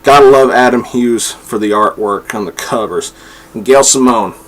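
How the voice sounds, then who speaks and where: A man's voice: medium pitch, moderate pace, a bit bright, slight background noise. A man chatting his way through comic book reviews at home, rambling with frequent fillers and restarts. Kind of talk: casual review vlog. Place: room at home with his dog.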